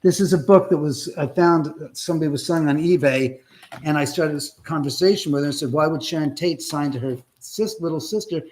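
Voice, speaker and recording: Streaming live from home, a man with a somewhat high, darkish-toned voice tells a story in a loose, chatty way. He slips into the voices of the people he quotes and swears casually as he goes.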